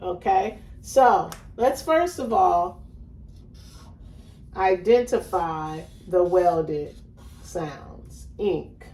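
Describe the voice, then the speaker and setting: Slow, deliberate woman teaching phonics. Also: fairly low pitch, lively intonation, mellow. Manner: slow, overemphasized sounding out of word chunks. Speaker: reading teacher. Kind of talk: phonics lesson. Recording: echoey room, voice a bit far from the mic.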